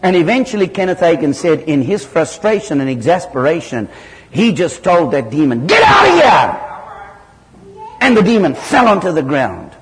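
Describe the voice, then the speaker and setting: A man's voice sits a little high as he preaches, swinging into sudden loud, high bursts while he tells his stories. He is from southern Africa. A long reverb trails behind him, as if he were speaking in a large hall. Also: moderate pace, slight background noise. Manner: animated storytelling with sudden loud jumps in pitch. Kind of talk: sermon.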